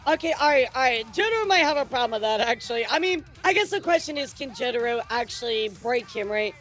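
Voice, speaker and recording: A woman streamer chatting casually as she reacts to a video, excitable and quick with laughs and asides. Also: a little high, soft background music.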